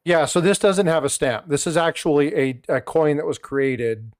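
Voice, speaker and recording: A man's voice: on the high side, moderate pace, no echo. Rambling man telling a joke, dry sound. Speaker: coin channel host. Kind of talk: casual chat.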